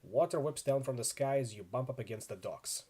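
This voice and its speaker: A man's voice: medium pitch, expressive, a little fast, dark tone, slightly rough. A man reading a video game's story text aloud and adding casual player asides. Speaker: let's play narrator.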